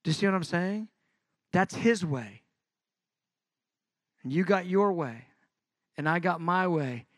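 A middle-aged man, preaching a sermon in a conversational, animated way that builds in intensity. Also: high-pitched, slow pace, pauses often, no echo.

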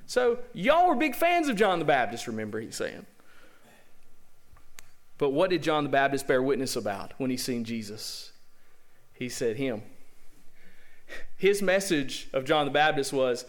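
A man's voice: on the high side, big pitch swings, normal speed, pauses often, fairly bright tone. A man with a Southern accent preaching a sermon as pastor, in a folksy, conversational way full of rhetorical questions.

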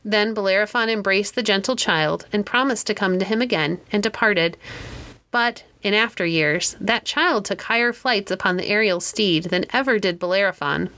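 A woman reading a classic children's storybook aloud as an audiobook narrator, in a steady, measured way. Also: mid-range voice. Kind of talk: scripted narration.

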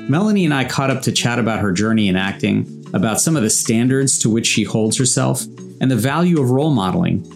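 A man hosting an interview, reading an introduction and asking earnest, measured questions. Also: mid-range voice, expressive, creaky, soft background music. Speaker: podcast host.

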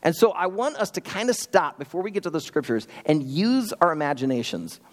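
A young adult man preaching a sermon as pastor, telling stories in an animated, conversational way in a church sanctuary. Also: on the high side, brisk. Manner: animated storytelling, lively and conversational. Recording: long hall reverb.

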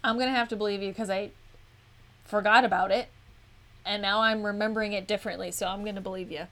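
A woman's voice: mid-range voice, steady tone, quick pace, fairly bright tone. A woman co-hosting a podcast, chatting casually and bluntly about a movie with frequent swearing. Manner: blunt, profane. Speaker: podcast co-host.

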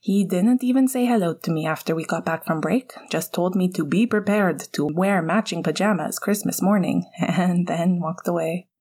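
A woman's voice: lowish voice, slightly rough. A woman whispering as a tender young hockey player. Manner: soft, often whispered, slow.

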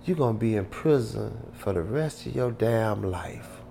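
A man voicing a stern older male prison mentor who lectures low and quiet. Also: animated, unhurried, creaky, slight background noise.

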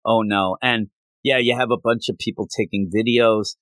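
A man hosting a podcast, chatting casually about comic books and retelling scenes with quick voiced quotes. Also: medium pitch, steady tone, a bit bright, no echo. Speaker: podcast host. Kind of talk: casual comic book review chat.

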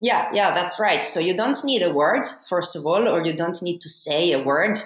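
A woman from Italy, a guest explaining ideas at length in a measured way with frequent fillers. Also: fairly low pitch, animated. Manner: measured, thinks aloud with fillers. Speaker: guest academic. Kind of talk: explanatory interview talk. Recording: echoey room.

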